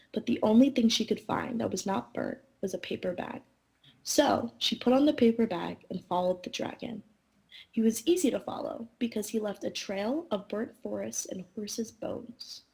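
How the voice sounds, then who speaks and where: A woman reading a children's story aloud at a church service, steady and expressive. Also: mid-range voice, gravelly, rough recording.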